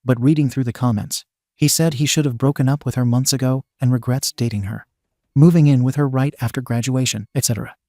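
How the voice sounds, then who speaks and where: Man reading a story in a mellow voice. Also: medium pitch, fairly quick, no room sound, clean studio sound. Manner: steady reading that spells out abbreviations letter by letter. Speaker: story narrator. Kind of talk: scripted narration of an online post.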